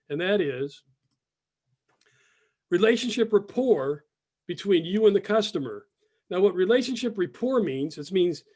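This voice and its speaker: A man's voice: fairly high pitch, a little mellow. A man presenting a live sales webinar, upbeat and chatty, repeating phrases and reading the chat aloud over a computer mic. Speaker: webinar presenter, business mentor. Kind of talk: casual live webinar teaching.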